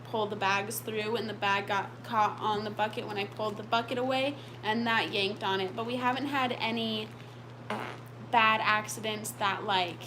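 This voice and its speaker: A woman's voice: medium pitch, fairly even intonation, moderate pace, noisy background. A young woman co-hosting a casual live stream, chatting sleepily and reading viewer comments aloud.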